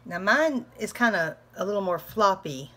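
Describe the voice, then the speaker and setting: A woman's voice: medium pitch, expressive, normal speed, bright, forceful tone. A young woman chatting casually while cooking in her home kitchen, rambling and laughing as she goes.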